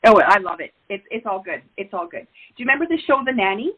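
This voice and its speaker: A woman's voice: mid-range voice, big pitch swings, fast talker, husky. A woman hosting an interview, agreeable and encouraging toward her guest. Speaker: host. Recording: tinny phone-like line.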